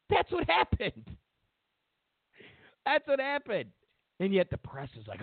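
A man's voice: high voice, huge pitch swings, unhurried, vocal fry, pauses often, dry recording. A man hosting a political commentary show, ranting sarcastically and mocking others in put-on voices. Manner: sarcastic, mocks others in exaggerated voices, repeats himself for emphasis. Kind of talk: opinionated political rant. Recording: dry, phone-like narrow sound.

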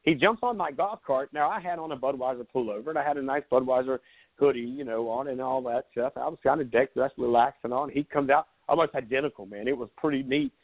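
Over a tinny, phone-like line, a South Carolina sports talk host in his forties speaks quickly at a medium pitch. In casual live chat he wanders through long stories, relaxed and sarcastic.

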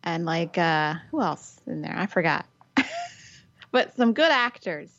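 A woman's voice: on the low side, lively intonation, measured pace, vocal fry, fairly bright tone, no room sound. A woman co-hosting a podcast in casual chat, talkative, laughing often and gushing that things are fantastic. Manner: chatty, laughs often, repeats "it's fantastic". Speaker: podcast co-host. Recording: dull lo-fi sound, dry.

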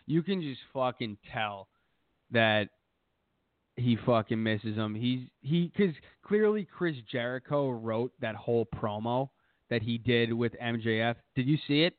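A man's voice: mid-range voice, measured pace, dry recording. A man co-hosting a podcast, telling rambling stories in casual, profanity-heavy chat. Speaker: podcast co-host. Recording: tinny phone-like sound.

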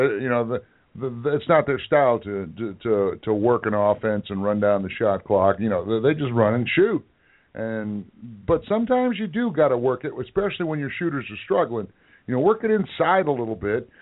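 A man co-hosting a sports talk show in casual chat, halting with many fillers and restarts. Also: medium pitch, expressive. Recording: tinny phone-like audio.

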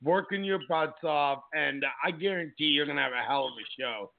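A man's voice: on the high side, normal speed, gravelly, slight background noise. A man with a Canadian accent, co-hosting a casual talk radio show and speaking in an upbeat, encouraging way. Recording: tinny phone-like sound.

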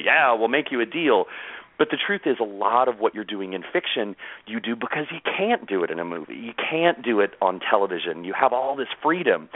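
A man, an author, telling anecdotes in an interview with animated energy and frequent laughs. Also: on the low side. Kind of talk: conversational storytelling interview. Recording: tinny phone-like line, dry.

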